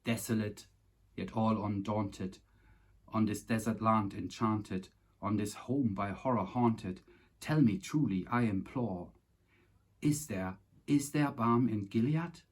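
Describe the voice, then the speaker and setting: A man reciting a long poem from memory with a dramatic, declamatory delivery. His voice is low and a little husky. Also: slow. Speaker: poetry reciter.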